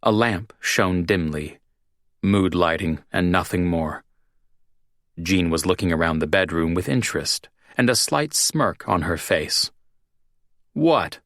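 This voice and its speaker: Slow, low-voiced male audiobook narrator. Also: fairly bright tone, no room sound, studio quality. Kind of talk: scripted first-person narration.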